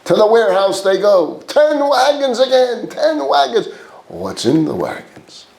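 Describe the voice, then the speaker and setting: A man preaching as a rabbi, telling a story in an animated way and acting out its characters. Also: sits high, unhurried, gravelly. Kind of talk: storytelling sermon. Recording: roomy echo.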